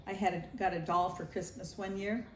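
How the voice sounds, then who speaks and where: A woman's voice: mid-range voice, fairly even intonation, fairly quick, a little hiss or hum. An older woman telling a family interview about her childhood in a nostalgic storytelling manner. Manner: warm storytelling, nostalgic, acts out family voices. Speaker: grandmother sharing family memories. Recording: roomy echo, faint ambience.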